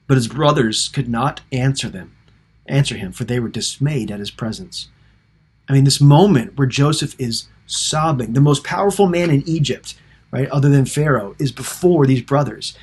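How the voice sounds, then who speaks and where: A man's voice: mid-range voice, a little mellow, husky. A man teaching a Bible study, talking earnestly and often restarting his sentences as he retells scripture. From United States. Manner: earnest, with frequent restarts and emotive paraphrase of scripture.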